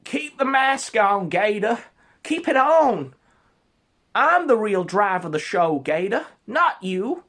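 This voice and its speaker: A man putting on the voice of a drunken brawler who yells orders in a shrill, high voice. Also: normal speed, gravelly, hardly any pauses, exaggerated voice. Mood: bellowing. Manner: shrill yelling.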